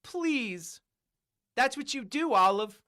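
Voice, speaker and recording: A man's voice: high voice, very animated, unhurried, pushed and bright. A man on a livestream delivering an angry, profane rant full of repeated rhetorical questions. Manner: combative, repetitive, profane, hammering rhetorical questions.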